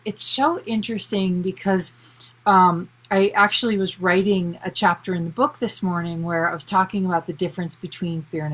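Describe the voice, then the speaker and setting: A woman's voice: medium pitch, fairly bright tone. A young woman hosting a live stream as a body-focused coach, chatting casually with viewers, laughing and acting out worried voices. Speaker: somatic intuitive coach, live stream host.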